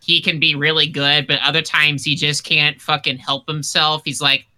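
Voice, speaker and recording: A woman's voice: sits low, little pitch movement, normal speed, pushed and bright. A woman in casual chat, opinionated and swearing casually.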